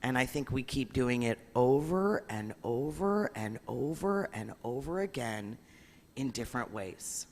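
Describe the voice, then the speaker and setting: Animated woman rabbi in long reverb. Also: extremely low pitch, unhurried, slight background noise. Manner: animated and earnest, with bursts of laughter. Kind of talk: spiritual reflection.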